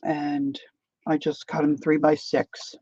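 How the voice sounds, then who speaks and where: A woman's voice: low voice, little pitch movement, slow pace, noisy background. A woman hosting a casual craft live stream from home, chatting and rambling as she eats and works on her project. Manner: chatty, rambling, talks while eating and working. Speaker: craft channel host. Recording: dull lo-fi stream audio.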